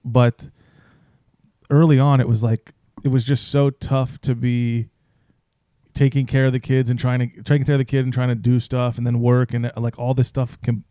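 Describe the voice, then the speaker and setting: A man's voice: medium pitch, steady tone, normal speed, warm tone, dry recording, clean studio sound. A man in his thirties co-hosting a podcast, talking in a thoughtful, reflective way. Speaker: podcast co-host. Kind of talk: casual chat.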